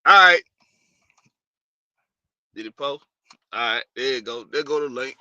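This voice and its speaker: A man's voice: mid-range voice, animated, a little slow, bright, forceful tone, no room sound, lo-fi sound. A man hosting a casual live stream, rambling loosely and greeting viewers by name.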